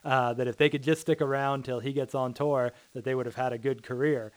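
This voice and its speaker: A man's voice: mid-range voice, steady tone, fairly quick. A man co-hosting a casual chat, earnest and ranting, with rambling asides. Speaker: podcast co-host.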